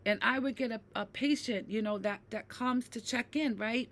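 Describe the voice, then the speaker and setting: A woman in her fifties speaking to her viewers about mental health, emphatic, checking in with "right?" again and again, dropping low and quiet, then rising loud and heated. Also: normal speed. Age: 50s. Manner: emphatic, repeats "right?" often. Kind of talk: personal talk to camera.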